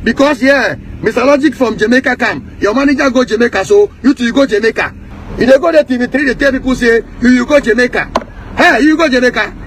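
A man with a strikingly high voice and a Ghanaian Pidgin English accent launches into a fast, heated rant, cursing freely and repeating the same accusations over and over. The audio is poor, with a faint hum beneath his voice.

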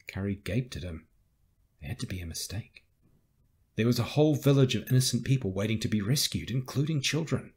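A man narrating a science fiction audiobook in a measured, steady read. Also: lowish voice, husky. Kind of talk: scripted narration.

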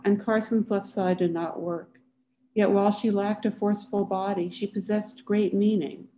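A woman author reading her own fiction aloud in a measured, deliberate way. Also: medium pitch, dark tone, slight background noise, low-quality recording. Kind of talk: literary prose reading.

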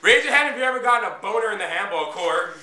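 An expressive, fast-talking man performs a crude, rowdy comic monologue for a vlog, laughing loudly and springing into high squeals. He's in an echoey room among friends, with slight background noise.

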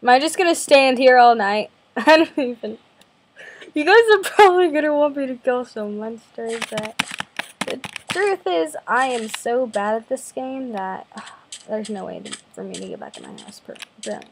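Her voice sits high with lively intonation and a moderate pace, with noise in the background. She's a young gaming video host with a cold and a slight cough, casually narrating her gameplay from her bedroom in a jumpy, self-mocking manner.

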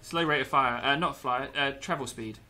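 A man's voice: mid-range voice, moderate pace, sharp tone. A young man commentating gameplay with a lot of energy, yelping, laughing and slipping into pirate growls.

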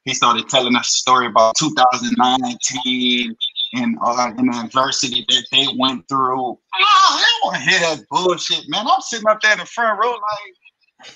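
A young man from New Orleans, a former football player, telling his story in an interview with blunt, profane, animated speech. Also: mid-range voice, normal speed. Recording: dull lo-fi audio.

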